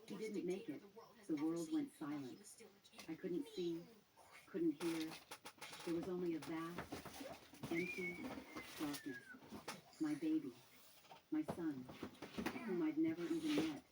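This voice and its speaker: Low-voiced woman narrating a story. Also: steady tone, takes it slowly, pauses often, a loud crowd, low-quality recording. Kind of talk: first-person story narration. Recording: music playing underneath.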